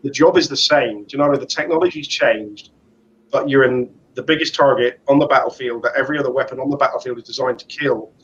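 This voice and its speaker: A man who serves as a tank commander talks casually as he rides. He is easygoing and pokes fun at himself. His voice sits at an ordinary middle pitch, and the audio is dull and muffled. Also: fast talker, fairly bright tone. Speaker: tank commander and motorcycle vlogger. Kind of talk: casual chat while riding.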